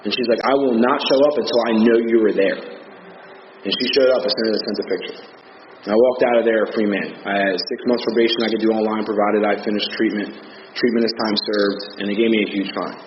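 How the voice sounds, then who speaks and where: A man's voice: fairly low pitch, flat delivery, brisk. A man with an American accent giving a candid personal testimony at a recovery meeting, talking casually with many fillers. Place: meeting hall. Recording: echoey hall, muffled audio with background noise.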